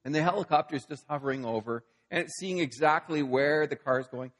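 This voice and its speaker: A male pastor tells his sermon like a story, chatty and lively, acting out each scene. His voice sits a little on the high side. The sound rings with the long echo of a church hall. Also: a little fast.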